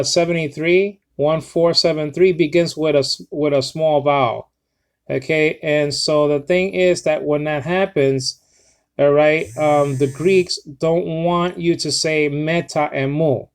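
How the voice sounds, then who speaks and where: A man's voice: on the high side, clean tone. A man teaching a casual Bible lesson on Greek grammar, spelling out words letter by letter and checking in with listeners often. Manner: explains step by step, spells out letters, many fillers like okay.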